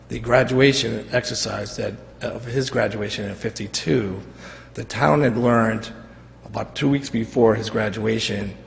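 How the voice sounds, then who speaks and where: A middle-aged man, a veterans' post commander, giving an emotional, halting tribute at public comment in a council chamber. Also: lowish voice, vocal fry, slight background noise. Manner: halting and emotional, with many fillers. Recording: reverberant council chamber with faint ambience.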